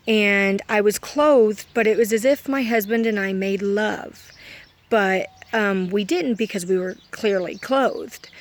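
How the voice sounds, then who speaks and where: Woman, fairly high voice, rambling dream story, lots of ums. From Kentucky. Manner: rambling, self-correcting, full of "um" and "like". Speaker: vlogger.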